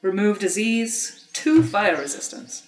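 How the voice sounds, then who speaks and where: A woman's voice: medium pitch, very animated, measured pace, reverberant, distant mic, faint music behind. A woman playing a tabletop game, talking bluntly and sarcastically with some swearing. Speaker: player. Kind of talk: casual tabletop game chat.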